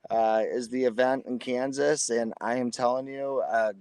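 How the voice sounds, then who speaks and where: A man's voice: mid-range voice, fairly even intonation, moderate pace, darkish tone, clear, resonant tone, no room sound. A man, a military veteran and podcast guest, talking casually in an earnest, encouraging way. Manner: earnest and encouraging, restarts often. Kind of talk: casual interview chat.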